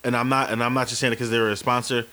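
Man, early 40s, casual podcast chat, animated storyteller, swears a lot, mid pitch. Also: rapid-fire. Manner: animated storyteller, swears freely, acts out dialogue. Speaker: podcast co-host.

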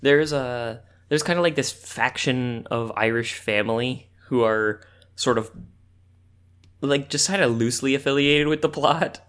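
A man's voice: mid-range voice, a little slow, clear, resonant tone. Rambling, laughing man telling a story. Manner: rambling, animated storytelling with frequent fillers and laughs. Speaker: podcast co-host. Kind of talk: casual chat.

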